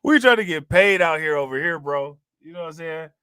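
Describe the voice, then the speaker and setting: A man hosting a casual crypto livestream, chatting in relaxed slang, laughing often and thanking viewers for their comments. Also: fairly high pitch, brisk, clear, resonant tone, no room sound, studio quality. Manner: laid-back slangy talk with frequent laughs. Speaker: crypto channel host.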